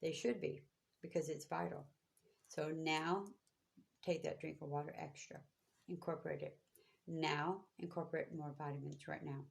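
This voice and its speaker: A woman's voice: deep voice, steady tone, normal speed, vocal fry. A woman giving spiritual guidance to viewers, talking in a preachy, repetitive, emphatic way. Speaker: spiritual reader.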